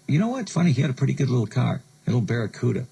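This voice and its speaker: Gravelly, sardonic American radio DJ. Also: male voice, medium pitch, big pitch swings, rapid-fire, warm tone, poor audio. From United States. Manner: sardonic, joking storyteller. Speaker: radio DJ host. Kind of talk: late-night radio show patter.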